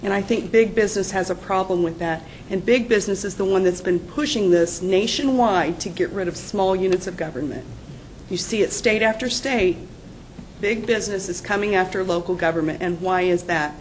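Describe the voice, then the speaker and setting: A woman's voice: medium pitch, moderate pace, a little hiss or hum, rough recording. A woman speaking on a panel as a township official, arguing her case with conviction. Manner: impassioned, argumentative. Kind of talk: panel discussion.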